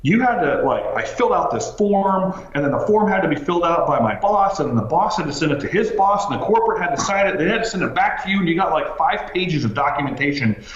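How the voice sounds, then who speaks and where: A man telling his story as a podcast guest, animated, with lots of fillers and restarts. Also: on the high side, fast talker, few pauses. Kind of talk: casual storytelling interview. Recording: roomy, slightly dull sound.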